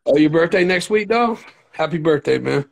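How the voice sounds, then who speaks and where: A man's voice: a little high, animated, moderate pace, creaky. A man in rowdy casual banter, teasing his friends.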